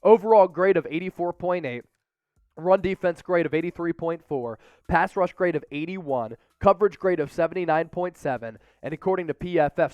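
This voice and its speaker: Brief: opinionated man hosting a football talk show, quick with numbers, bright high register. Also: dry recording, muffled recording. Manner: upbeat, opinionated, rattles off stats. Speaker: sports show host. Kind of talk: energetic sports commentary.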